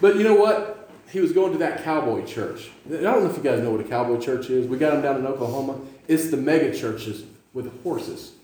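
A man's voice: mid-range voice, expressive, brisk, a little mellow. A male pastor with a Western New York accent, preaching a sermon in a jokey storytelling way with stammering restarts. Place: church sanctuary. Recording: echoey church room.

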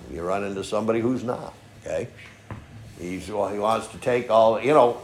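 A man preaching a sermon in a folksy storytelling way, peppering his points with "okay?" and swinging from soft asides to loud emphatic lines. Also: fairly low pitch, a little hiss or hum. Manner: folksy storytelling, frequent "okay?" tag questions. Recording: echoey room.

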